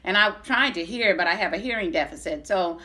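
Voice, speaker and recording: A woman's voice: on the low side, a little fast, bright, forceful tone. A middle-aged woman telling a long personal story to her viewers in a blunt, chatty way, swearing freely and often restarting her sentences. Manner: blunt, profane, chatty retelling with many restarts. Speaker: vlogger. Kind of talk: casual storytelling to camera.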